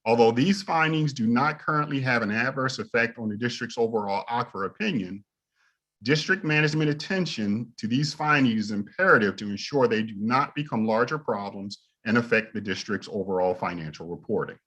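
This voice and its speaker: A man, an inspector general, reading prepared opening remarks at a hearing in a steady, formal way. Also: medium pitch, fairly quick.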